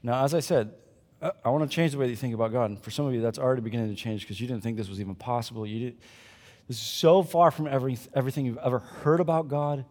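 A male pastor preaching a conversational sermon at a church service, swinging between loud emphasis and quiet asides to the congregation. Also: medium pitch, fast talker, long reverb tail.

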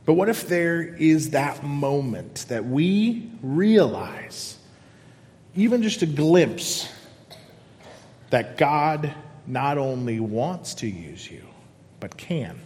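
A man preaching a sermon, swinging from loud excitement down to hushed, whispered lines. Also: on the high side, takes it slowly. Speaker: pastor. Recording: long hall reverb.

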